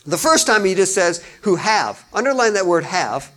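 A male pastor preaching a sermon, chatting with his congregation and rising loud when he reads scripture. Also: high voice, sing-song, moderate pace. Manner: conversational preaching, rises loud on scripture readings.

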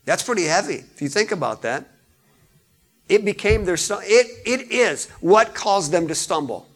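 A male pastor preaching a sermon, chatting with his congregation and rising loud when he reads scripture. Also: sits high, expressive, moderate pace. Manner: conversational preaching, rises loud on scripture readings.

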